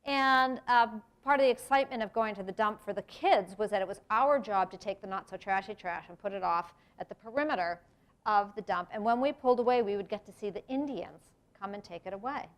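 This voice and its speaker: A middle-aged woman from the United States gives a public talk in an earnest, reflective way. Her voice sits at a medium pitch, and she breaks into sudden emphatic rises. The talk appears to have been given in a lecture room. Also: brisk. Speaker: speaker giving a presentation on race.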